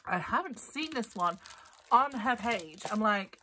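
A woman's voice: on the high side, lively intonation, unhurried, sharp tone, a little hiss or hum. A woman chatting casually through a craft haul, bubbly and giggly, her voice a little tired. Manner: bubbly and giggly, gushing over papers. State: voice getting tired. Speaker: craft vlogger.

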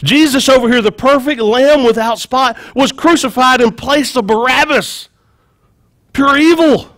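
A man preaching a sermon, retelling a story with lively acted-out quotes and frequent repeated words. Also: very high voice, moderate pace. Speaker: pastor.

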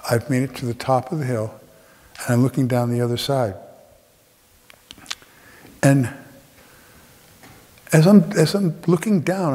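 A man's voice: medium pitch, darkish tone. A middle-aged man performing a reflective storytelling monologue on a theater stage, with dramatic shifts of tempo. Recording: theater with long reverb.

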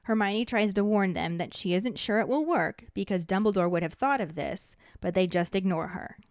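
Woman host reading a chapter recap, even and steady, dry close sound. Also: mid-range voice, normal speed, no echo. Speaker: podcast host. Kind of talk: scripted narration of a book recap.

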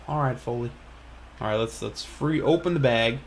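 A man's voice: medium pitch, normal speed, creaky, pauses often, a little hiss or hum. A man hosting a let's play with hype, slangy game commentary. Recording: commentary over loud game music. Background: game music.

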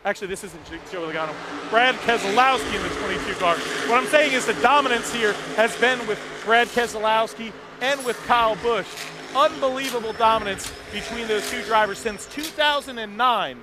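A man hosting a live walk-around in an outdoor race garage, talking into a handheld mic in an energetic, rambling way. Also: very high voice, a little fast, background noise. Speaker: garage reporter host. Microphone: handheld microphone.

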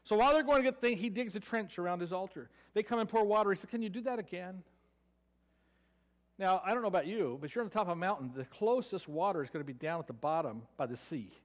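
A man's voice: high voice, lively intonation, rapid-fire, few pauses. A man with a Southern American accent preaching a sermon, telling a story with playful sarcasm and acting out the people in it. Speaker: pastor.

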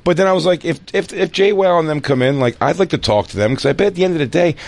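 A man co-hosting a podcast in casual chat, rambling, low-key and often cutting himself off. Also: fast talker, a little mellow, no echo. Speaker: podcast co-host.

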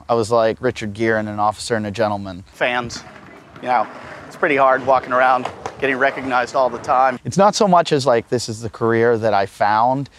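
A man doing a stand-up comedy set, animated and self-mocking, with punchy delivery. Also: medium pitch. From Pittsburgh. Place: comedy club stage.

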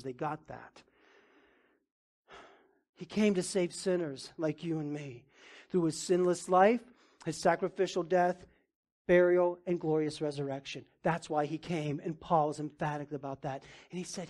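A man preaching a sermon as pastor, emphatic, with casual asides, swinging from loud and urgent down to low and quiet. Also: fairly even intonation, moderate pace. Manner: emphatic, rising to near-shouting then dropping low.

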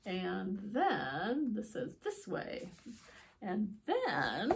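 Slow, animated woman reading picture books. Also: mid-range voice, vocal fry, slight background noise. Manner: expressive, gasps and laughs, drawn-out words. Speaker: storytime reader.

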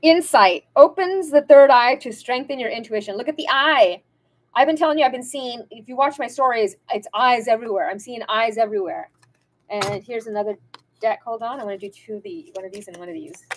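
A woman's voice: a little high, brisk, a little hiss or hum. A woman giving a casual pick-a-card tarot reading, talking in a chatty, rambling, spiritual way straight to her viewers.

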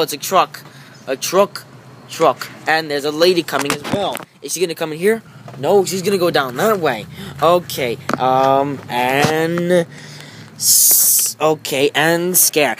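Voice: medium pitch, slow pace, noisy background. A toy-video creator chatting casually and rambling with lots of fillers while narrating their toy play at home.

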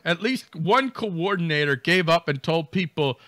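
This podcast co-host has a slightly high, animated voice with a sharp tone, moderate pace and no echo. He reads a news story aloud and riffs on it comedically, throwing in jokes, laughter and mock voices.

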